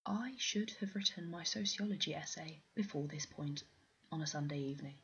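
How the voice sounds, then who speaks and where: A woman's voice: low voice, moderate pace, highs cut off, slight background noise. A young woman with a posh English accent, chatting casually through a vlog question list in a rambling, self-deprecating way with lots of ums. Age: young adult. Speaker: vlogger doing an accent challenge.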